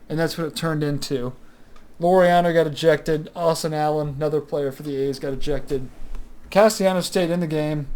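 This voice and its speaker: A young man with a somewhat higher-than-usual voice runs through a sports recap on his own. He talks loosely and off the cuff, trailing into fillers and restarting his sentences as he goes. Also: darkish tone. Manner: rambling, many fillers like "sort of" and "uh". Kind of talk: casual solo sports commentary.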